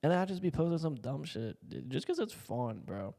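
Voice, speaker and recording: A man's voice: fairly high pitch, very animated, a little fast, creaky, warm tone, in a large hall. A man in his twenties from Puerto Rico, a content creator talking in a casual, rambling monologue full of slang, swearing and fillers. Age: 20s.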